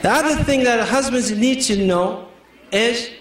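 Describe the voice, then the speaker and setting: Male preacher, high voice, humorous anecdotal delivery; echoey room, distant mic. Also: measured pace, a bit bright. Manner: joking, anecdotal, laughs often. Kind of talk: humorous sermon.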